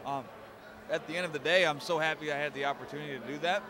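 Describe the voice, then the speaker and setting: Chatty man in his thirties, slightly high voice, busy crowd behind him. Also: fast. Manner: friendly and chatty, repeats words and says "man" often. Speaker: professional wrestler guest. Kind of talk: casual interview answers. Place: outdoors at a busy fan convention.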